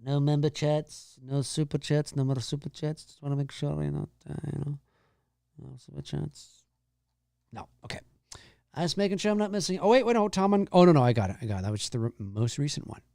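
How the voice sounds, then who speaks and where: A man with a gravelly, dark voice is recorded dry, at studio quality. He hosts a live-streamed talk show, casually chatting and reading viewer comments, rambling with lots of restarts and repeated phrases, and he slips into low, slow impressions and squeaky high mimicry.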